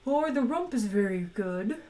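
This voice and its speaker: Woman doing a contented, obliging creature offering himself, odd timbre, a touch high, faint music behind. Storybook reading. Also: dark tone, distant mic, lightly acted, poor audio. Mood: courteous. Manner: courteous, obliging, unhurried. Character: polite male creature bred to be eaten, contented.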